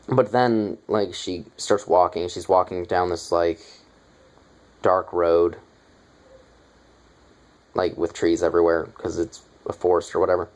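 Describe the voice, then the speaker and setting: Young man, deep low voice, casual movie review, rambling, lots of fillers. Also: steady tone, slow pace, pauses often, poor audio. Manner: rambling, filler-heavy retelling with asides.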